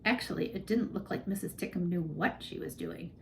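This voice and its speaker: A woman narrating a children's novel aloud in an expressive storytelling manner. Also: fairly low pitch, a little fast, vocal fry, a little hiss or hum, low-quality recording. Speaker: reader.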